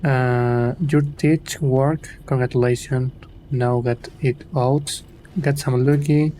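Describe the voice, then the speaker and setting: A man whose native language is Spanish, giving casual gameplay commentary and reading game lines aloud haltingly, with a Spanish-speaking accent. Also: medium pitch, steady tone, mellow, slight background noise. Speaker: gamer streamer.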